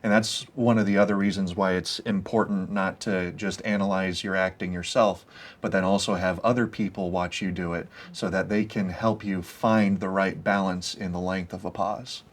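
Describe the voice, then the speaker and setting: Man, very low voice, drama panelist, practical explainer. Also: fairly even intonation, moderate pace. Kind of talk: panel discussion.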